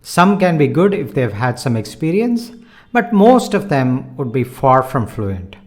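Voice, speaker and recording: A man teaching a language lesson online, explaining in a measured, earnest way and using simple analogies. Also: mid-range voice, very animated, a little mellow.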